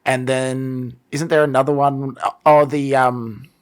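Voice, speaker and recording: A man co-hosting a podcast at an ordinary pitch for a man. He talks in an easygoing way, tossing questions back and forth with his co-host. His delivery stays relaxed throughout. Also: slow, smooth. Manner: relaxed, asks questions, laughs along. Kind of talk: casual chat.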